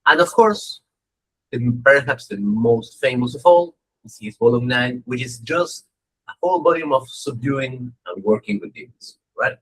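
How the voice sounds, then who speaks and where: A man's voice: mid-range voice, moderate pace, husky, low-quality recording. A man giving a humorous, conversational lecture as a dharma teacher, telling stories and often checking in with "right?". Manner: animated, joking, conversational, frequent "right?".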